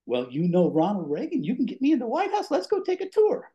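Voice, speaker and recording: A man's voice: very high-pitched, wildly swooping pitch, quick pace, mellow, dull audio, pitched above the performer's own voice, full character voice. A man voicing an elderly grandmother who eagerly pushes for a favor. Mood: coaxing.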